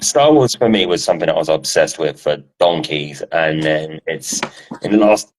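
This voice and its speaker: A man's voice: a bass voice, animated, moderate pace, slight background noise, rough recording. A man hosting a podcast, chatting casually and telling stories with casual swearing. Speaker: podcast host. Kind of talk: casual chat.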